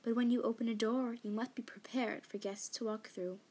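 A woman's voice: fairly high pitch, fairly even intonation, a little fast, dark tone, close to an everyday voice. A woman reading aloud and voicing a fiery male spirit, purring and amused as he menaces. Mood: gloating. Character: fiery laughing male spirit, cruel and gloating. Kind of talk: audiobook reading.

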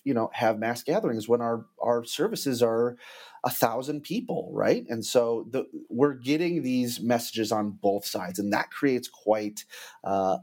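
A man speaking in a plain, even-pitched voice, conversational and earnest. He lays out his points in an explanatory, advice-giving way, like a guest on a relaxed podcast. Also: breathy edge. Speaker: church communications guest.

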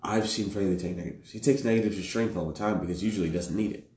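A man joking through casual banter about tabletop games, an animated storyteller who laughs often. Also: low-pitched, rapid-fire. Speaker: tabletop gaming podcast co-host. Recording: echoey room.

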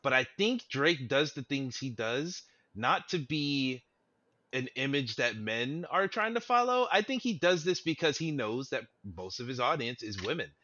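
A man's voice: mid-range voice, big pitch swings, normal speed, sharp tone, no room sound, lo-fi sound. A man in casual chat, joking and opinionated, laughing a lot.

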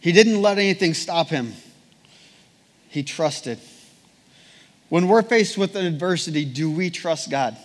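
A man preaching a sermon and reading scripture aloud, in an earnest, measured way with repeated phrases. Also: a little high, lively intonation. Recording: long hall reverb.

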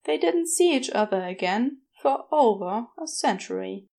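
A woman reading a fan story aloud as podfic, in a measured, gentle way. Her voice sits a little high, and she takes her time, with an unhurried, slow pace. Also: animated, creaky. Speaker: podfic reader. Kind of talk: story narration.

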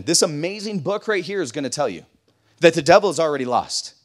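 Chatty young man preaching, fairly high voice. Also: very animated. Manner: chatty and self-deprecating, with many likes and restarts; rises to loud, slow emphatic preaching. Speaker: pastor. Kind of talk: casual youth sermon.

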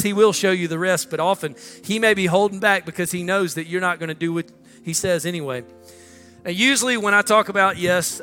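A male pastor preaching a sermon, swinging between loud emphatic lines and hushed ones. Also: high voice. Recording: long reverb with faint music.

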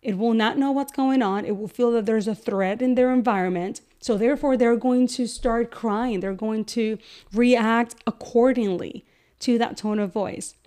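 Woman podcast host with a slightly high voice, earnest teaching manner, acts out examples. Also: moderate pace, mellow. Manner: earnest, repeats words for emphasis, acts out quoted examples. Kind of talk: educational podcast talk.

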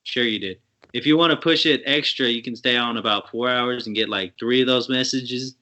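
A man's voice: medium pitch, a little fast, sharp tone, muffled recording. A man co-hosting a casual podcast, joking around and swearing freely. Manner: profane, joking banter. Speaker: podcast co-host.

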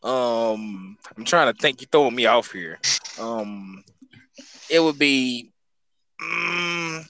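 A man's voice: mid-range voice, expressive, slow pace, sharp tone, low-quality recording. A man co-hosting a podcast, chatting casually about cars, swearing a lot and hesitating while he thinks. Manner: profane, hesitant, thinks aloud with many ums. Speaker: podcast co-host. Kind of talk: casual car banter.

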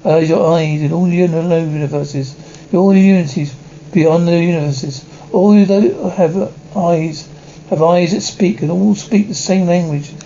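An otherworldly male alien who speaks with serene, measured solemnity. The tone is mellow and sits a little high. It comes through a dull, lo-fi 1960s television soundtrack with a faint hiss. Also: steady tone. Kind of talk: 1960s TV drama acting.

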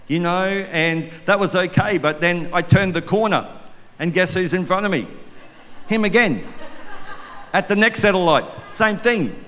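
A man's voice: high voice, unhurried. A middle-aged man preaching a sermon, telling stories and acting out voices with animation. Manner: storytelling, animated, acts out quoted voices. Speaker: pastor. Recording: long reverb of a large hall.

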